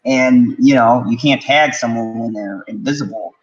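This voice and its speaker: A man's voice: medium pitch, moderate pace, dull audio. A man as a guest in a casual chat, swearing and laughing as he tells gaming rage stories.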